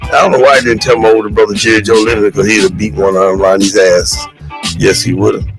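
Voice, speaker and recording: Middle-aged male live-streamer, gravelly voice, loud and animated, loud music behind him. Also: fairly low pitch, fast, low-quality recording. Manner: loud, animated, calls out family names. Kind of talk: casual live stream shout-outs and storytelling. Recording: loud music playing over the voice.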